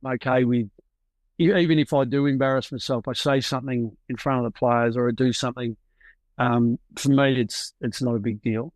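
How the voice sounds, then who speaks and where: A man's voice: medium pitch, steady tone, brisk, no room sound. A middle-aged Australian man, a football coach, gives candid, reflective interview answers and searches for his words.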